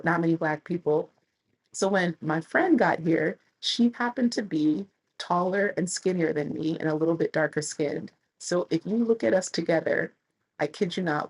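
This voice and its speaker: Husky-voiced woman telling travel stories. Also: poor audio. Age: 30s. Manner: animated, acts out quotes with big pitch jumps and laughter. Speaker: travel vlogger. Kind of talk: casual storytelling.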